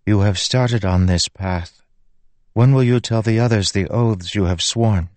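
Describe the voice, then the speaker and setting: A man's voice: fairly low pitch, a little slow, darkish tone, no echo, pitched above the performer's own voice, close to an everyday voice. A man voicing a glowing female spirit who speaks solemnly and insistently.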